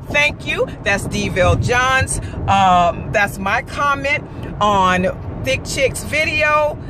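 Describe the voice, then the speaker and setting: A woman's voice: a little high, lively intonation, very slow, background noise. A woman vlogging her strong opinion from her car on the drive home from work, fired up and preachy, hammering her points again and again. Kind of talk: impassioned opinion vlog.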